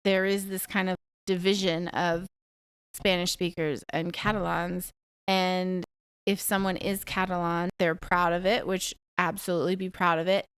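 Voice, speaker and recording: A woman's voice: fairly low pitch, flat delivery, moderate pace, a bit bright, clear, resonant tone, no room sound. A woman in her thirties hosting a podcast alone, talking frankly and bluntly and swearing freely. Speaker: podcast host. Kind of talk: casual monologue podcast.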